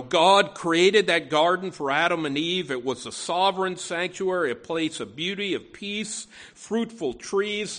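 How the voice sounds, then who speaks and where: A man's voice: fairly high pitch, fairly bright tone. A man preaching a sermon in an earnest, emphatic way, often restarting phrases and saying "you know".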